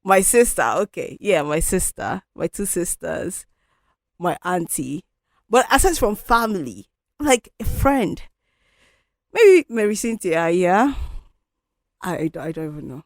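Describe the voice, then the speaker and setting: A woman's voice: lowish voice, sing-song, measured pace, long pauses, dry recording, studio quality. Candid woman musing on a podcast. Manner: candid, reflective, conversational. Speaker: podcast host. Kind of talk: solo podcast monologue.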